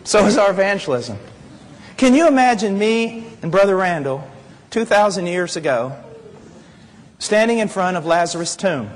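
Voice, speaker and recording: A man preaching a sermon, animated and rising to shouts as he acts out scenes. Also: high-pitched, moderate pace. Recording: long reverb of a large hall.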